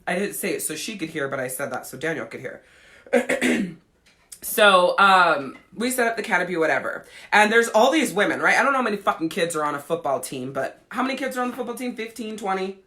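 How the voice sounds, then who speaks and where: A woman's voice: mid-range voice, expressive, a little fast, pushed and bright. A woman in her thirties, a podcast host telling a personal story in a blunt, profane, frank way. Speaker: podcast host and life coach. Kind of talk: casual storytelling.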